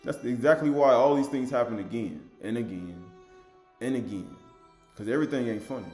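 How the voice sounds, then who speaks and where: A man giving an informal sermon, reading scripture in a raised voice and then commenting in a lower, emphatic, repetitive way. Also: normal speed, darkish tone, echoey room, faint music behind. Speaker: religious lecturer.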